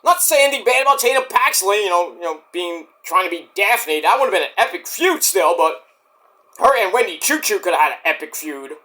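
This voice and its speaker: A man reviews a wrestling show in a loose, unscripted monologue. His voice sits high and bright, and his pitch leaps around constantly. He curses freely and bursts into shouted impressions of the people he talks about. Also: a little fast. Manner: animated, swears, switches to shouting impressions. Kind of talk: casual solo review rant.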